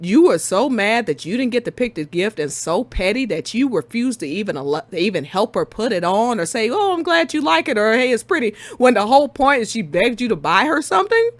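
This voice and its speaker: A woman co-hosting a casual game discussion, ranting in an animated, exasperated way and breaking into laughs. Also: medium pitch, fairly quick, hardly any pauses, dry recording. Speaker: podcast co-host.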